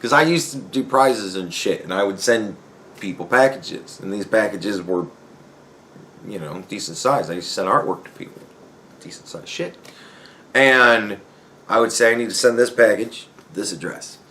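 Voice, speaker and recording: A man's voice: lowish voice, animated, moderate pace, pauses often, pushed and bright, slight background noise. A man hosting a podcast, ranting casually in a profane, rambling way and laughing between points. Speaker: podcast host. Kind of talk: casual solo commentary rant.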